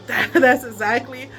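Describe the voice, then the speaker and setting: A young woman telling a personal story to her viewers in a casual, animated way, often laughing and quoting people. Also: fairly high pitch, slight background noise.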